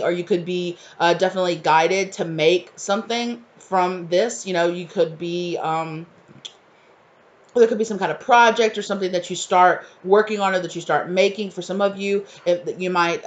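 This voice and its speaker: A woman giving a collective tarot reading in an effusive, rambling way, full of fillers and restarts and spiritual talk. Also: lowish voice. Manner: emotional, spiritual. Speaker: tarot reader.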